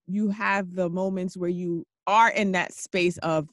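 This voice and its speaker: A man hosting a casual talk, animated and laughing often as he recaps his guest's points. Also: high-pitched, unhurried, no echo. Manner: animated, laughing, repeats "literally". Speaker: podcast host.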